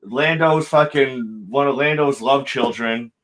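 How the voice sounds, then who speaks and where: A man's voice: medium pitch, unhurried, fairly bright tone. A man recapping a film in casual podcast chat, swearing constantly and retelling scenes with quoted lines. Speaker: podcast co-host.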